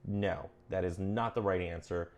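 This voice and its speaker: A man casually talking through a witchcraft book on his vlog, earnest and self-correcting, often drifting onto tangents, his pitch jumping up when he gets emphatic. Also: fairly even intonation, a little slow, vocal fry, darkish tone. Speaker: vlogger reading and commenting on a witchcraft book. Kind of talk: casual rambling vlog commentary.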